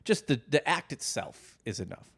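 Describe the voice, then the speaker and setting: A man's voice: mid-range voice, sing-song, moderate pace, gravelly, a bit bright, slightly rough. A man co-hosting a podcast in casual chat, rambling and joking, with lots of likes and restarts. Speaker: podcast co-host.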